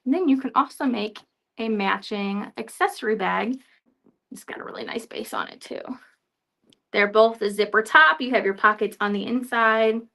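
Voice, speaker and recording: A young woman hosts a relaxed live show featuring new quilting products, speaking at a moderate pace in a fairly high voice that's creaky with a sharp tone. She's chatty and giggly, stumbling over words and laughing at her own slips.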